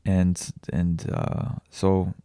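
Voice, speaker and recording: A young adult man talking candidly in a personal vlog, halting and confessional, swearing often. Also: deep voice, little pitch movement, mellow, clear, resonant tone, dry recording, studio quality. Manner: raw, halting, confessional, with frequent swearing and restarts. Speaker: vlogger and podcaster.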